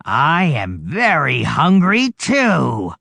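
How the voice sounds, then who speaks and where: A storybook reader voicing a hungry, greedy male troll who guards a bridge, dropping lower and gloating. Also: huge pitch swings, drawn-out words, gravelly, sharp tone, husky, dry recording, heavily acted. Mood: menacing.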